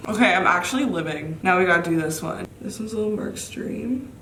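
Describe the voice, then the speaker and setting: A woman's voice: lowish voice, fast talker, a bit bright, a little hiss or hum. A woman chatting casually to camera at home, nervous and giggly, often exclaiming. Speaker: beauty vlogger. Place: room at home. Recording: echoey room, mic a bit distant.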